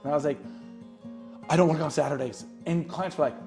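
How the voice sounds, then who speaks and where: A middle-aged man, a real estate agent on a podcast, telling lively stories and acting out the people in them. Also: a little high, a little fast, creaky, music in the background. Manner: lively, acts out quotes in his stories. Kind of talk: animated storytelling in an interview.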